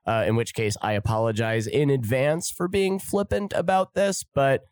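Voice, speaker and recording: A man's voice: medium pitch, moderate pace, darkish tone, clear, resonant tone, no echo. A man hosting a podcast, delivering a sarcastic, flippant, profane comedic monologue. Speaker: podcast host.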